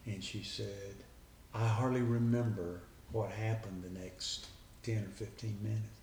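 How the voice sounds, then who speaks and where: A man's voice: on the low side, fairly even intonation, unhurried, creaky, darkish tone, recorded from a distance, slight background noise. A man, a guest earnestly retelling a conversation line by line. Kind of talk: personal storytelling. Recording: echoey room with faint background ambience.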